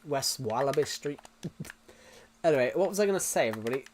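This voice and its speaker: A man's voice: fairly high pitch, animated, moderate pace, slight background noise. A young British man streaming live, chatting casually with viewers in a rambling way, full of restarts and fillers. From United Kingdom.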